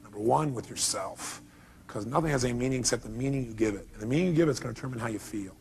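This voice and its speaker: A man's voice: medium pitch, very fast, vocal fry, darkish tone, slight background noise. A man giving a live motivational seminar speech, talking emphatically and firing rhetorical questions at the audience. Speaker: motivational speaker.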